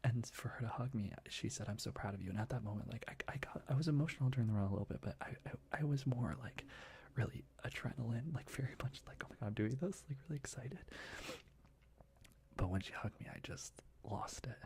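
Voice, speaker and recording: A young man talking in a soft, rambling ASMR whisper, full of restarts, as he shares life updates. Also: mid-range voice, fairly quick, a little hiss or hum. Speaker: ASMR creator.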